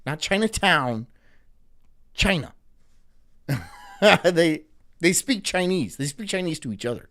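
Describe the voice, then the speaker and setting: A man's voice: on the high side, expressive, slow pace, long pauses, fairly bright tone. A man hosting a livestream, ranting profanely and animatedly about news clips. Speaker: livestream host.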